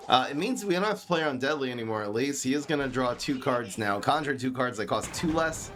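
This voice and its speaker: Bright-voiced streamer with an East Coast lilt. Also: male voice, mid-range voice, fast, soft background music. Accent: New York-tinged East Coast. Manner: thinks aloud, excitable, laughs often. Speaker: streamer playing a card game. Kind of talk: live game commentary.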